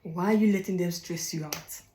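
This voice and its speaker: A woman's voice: lowish voice, moderate pace, dark tone, echoey room, a little hiss or hum, low-quality recording. A young African woman giving blunt advice in a casual monologue, stressing her points by repeating phrases. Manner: emphatic, repeats phrases, laughs between points. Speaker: vlogger.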